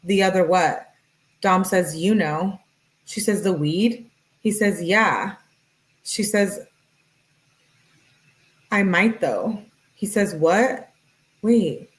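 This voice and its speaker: Woman true-crime commentator, mid-pitched voice, reads text messages aloud in a quick, plain way. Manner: brisk, matter-of-fact reading, tagging each message with he says or she says; talks directly to viewers in chat.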